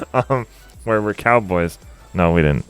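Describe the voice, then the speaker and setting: Smooth-voiced laughing podcast host man. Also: on the low side, expressive, extremely slow, faint music behind. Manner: rambling, laughs often. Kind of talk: casual chat.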